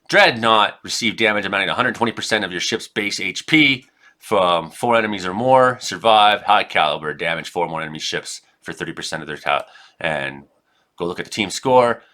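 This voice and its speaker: A man from Canada talks casually over his own gameplay, wandering between stories and sudden excited outbursts. His voice sits low but carries a bright, forceful edge. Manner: rambling, excitable, reacts loudly to hits. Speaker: gaming streamer and weather forecaster.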